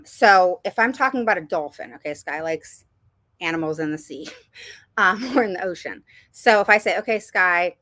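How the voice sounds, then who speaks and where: A middle-aged woman talks to other parents in a loose, rambling way, full of ums and little laughs. Her voice sits a bit low but rings bright and forward. The sound is dry and close, with no room around it. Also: no echo. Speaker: parent vlogger giving advice. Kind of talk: casual advice talk to viewers.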